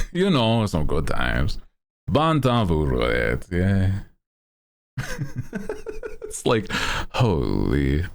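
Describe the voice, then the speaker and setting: A man's voice: deep voice, very animated, drawn-out words, creaky, pauses often, pitched above the performer's own voice, full character voice. A man putting on a jolly Cajun drawl. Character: cheerful Cajun man talking food and music.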